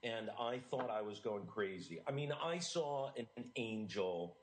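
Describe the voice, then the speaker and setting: A man's voice: on the low side, animated, measured pace, rough recording. A middle-aged man, an interview guest, telling a personal story in an earnest, emotional way with frequent laughs.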